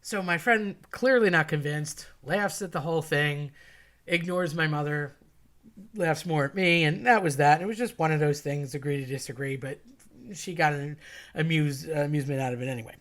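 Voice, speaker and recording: Woman, casual storyteller, chatty and animated. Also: low-pitched, moderate pace. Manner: chatty, animated, acts out quoted voices.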